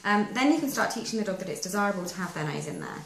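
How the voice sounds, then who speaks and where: A woman's voice: medium pitch, sing-song, very fast, creaky. A woman, a dog trainer giving practical step-by-step instructions in a chatty manner. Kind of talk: instructional how-to video. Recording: echoey room with faint noise.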